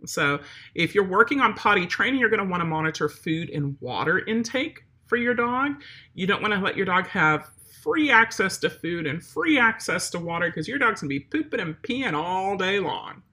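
A woman's voice: mid-range voice, expressive, normal speed, sharp tone. A woman dog trainer giving direct, chatty instructions on potty training a dog, talking straight to the viewer. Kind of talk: instructional talk.

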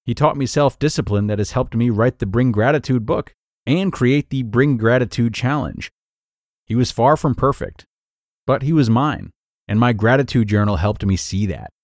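A man hosting a podcast who reads a blog post aloud in an earnest, measured way, then comments on it. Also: mid-range voice, a little mellow, no room sound, studio quality. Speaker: podcast host.

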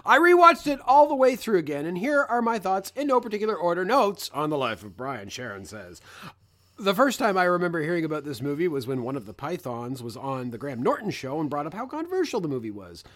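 A man co-hosting a casual podcast chat, reading out listener comments with lively asides and the odd swear. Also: a little high, a little fast. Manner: animated, swears, reads comments aloud with asides.

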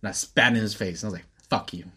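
A man's voice: fairly low pitch, very fast, husky. A man in his twenties telling a wild story in casual chat, laughing often and swearing freely. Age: 20s. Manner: laughs often, animated when quoting, profane.

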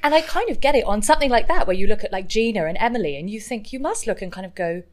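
A woman's voice: mid-range voice, expressive, fast talker. A woman co-hosting a podcast, talking thoughtfully in long winding sentences in casual chat. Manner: thoughtful, talks in long chains of clauses with fillers. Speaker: podcast co-host.

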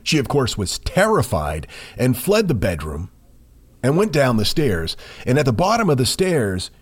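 A man co-hosting a podcast, telling a ghost story in a measured way with dramatic pauses. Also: medium pitch, huge pitch swings, husky. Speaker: podcast co-host.

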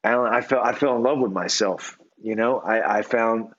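Man, low voice, earnest, halting storytelling, dull lo-fi sound. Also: fairly bright tone. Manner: halting, many restarts and fillers, earnest. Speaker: guest. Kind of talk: personal storytelling in an interview.

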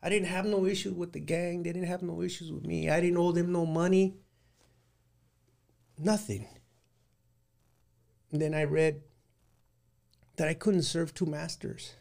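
Gravelly middle-aged man telling his story. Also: fairly high pitch, fairly even intonation, measured pace, long pauses, darkish tone. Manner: plain-spoken, rambling, with frequent restarts and "like". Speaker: guest recounting prison life. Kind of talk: casual storytelling interview.

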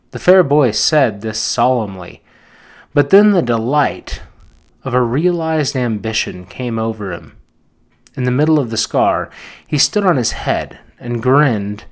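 A man, a podcast host, reading a novel aloud in a steady, measured narration. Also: medium pitch. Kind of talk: audiobook narration.

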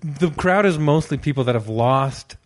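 A man's voice: a little high, normal speed. A man hosting a casual comedy podcast chat, laid-back, laughing often and trailing off mid-thought. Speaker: podcast host.

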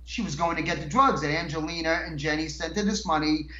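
A man's voice: fairly high pitch, quick pace, pushed and bright, echoey room, lo-fi sound. A man telling stories as a guest in a casual chat, rambling and laughing, with frequent restarts.

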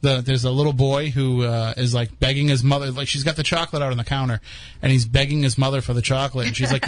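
A man's voice: medium pitch, fairly even intonation, fast, no echo. Male podcast host, casual joking storyteller, dry close studio sound. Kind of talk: casual live chat.

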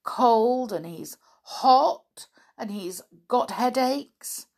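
A woman's voice: fairly high pitch, lively intonation, drawn-out words, a little mellow, voice pushed up, full character voice. A woman voicing a timid, anxious male bunny in a children's storybook, fretful and nervous.

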